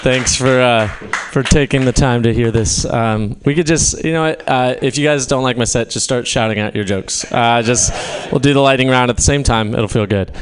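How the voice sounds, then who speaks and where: There's slight background noise as this young comic from California works a small club with a live crowd. Medium-pitched and moderately paced, he rambles through his set, cursing frequently and cracking himself up.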